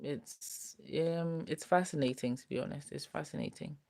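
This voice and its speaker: A woman's voice: deep voice, normal speed, vocal fry. Chatty young woman on a live stream. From United Kingdom. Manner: chatty, relaxed, talks straight to viewers. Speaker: host reading viewer comments. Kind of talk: casual live-stream chat.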